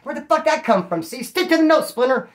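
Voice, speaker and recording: A man's voice: very high voice, lively intonation, a little fast. A middle-aged man from California, hosting his own channel and telling prison stories in a rambling, profane, self-mocking monologue to his viewers. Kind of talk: casual storytelling monologue.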